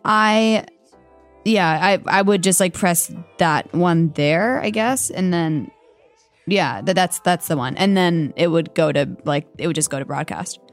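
A young woman who DJs for college radio chats casually into a studio microphone, her voice lowish, with faint music playing behind her. She halts often, stumbling through plenty of likes and fillers.

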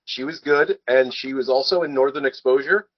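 A man's voice: mid-range voice, normal speed, no echo, dull audio. A man co-hosting a podcast, chatting casually about a film with a sardonic edge, swearing freely and laughing often. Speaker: podcast co-host. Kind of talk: casual movie review chat.

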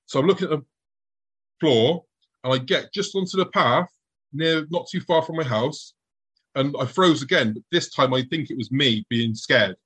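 Husky guy telling a story to a crowd, drops to a hush for his own thoughts. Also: medium pitch, moderate pace, poor audio. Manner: animated, acts out his own past thoughts in a hushed voice. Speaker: speaker telling a personal encounter story. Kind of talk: live storytelling to an audience.

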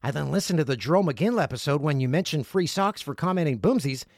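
A middle-aged man hosts a casual podcast. His voice sits a little high and swings up and down with animated, jokey energy as he reads out listener mail. The sound is close and dry, with no room around it. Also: fast, vocal fry, dry recording. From Canada. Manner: playful, jokey, lively delivery. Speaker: podcast host. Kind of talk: casual podcast monologue reading listener messages. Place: home studio.

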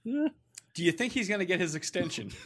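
A man on a sports podcast, his voice high and bright. He asks pointed questions with a playful, needling edge, and his pitch swoops all over the place. This is loose, unscripted chat. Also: animated, brisk.

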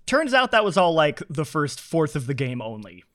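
A man's voice: fairly high pitch, sing-song, normal speed, fairly bright tone. A man hosting a podcast, rambling enthusiastically in casual chat. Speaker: podcast host.

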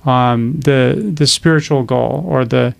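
A man hosting a casual podcast conversation, asking halting questions full of fillers and often finishing the other speaker's sentences. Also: medium pitch, vocal fry, dry recording. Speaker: podcast host.

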